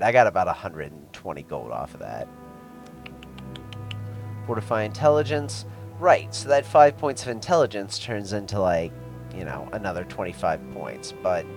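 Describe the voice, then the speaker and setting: A man giving casual gameplay commentary, chatting sarcastically to game characters and swearing freely. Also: deep voice. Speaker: let's play gamer.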